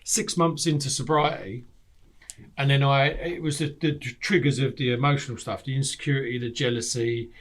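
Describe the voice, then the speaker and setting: A middle-aged man, a podcast guest telling candid stories, animated and swearing freely, acting out what people said. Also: mid-range voice, normal speed. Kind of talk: candid storytelling.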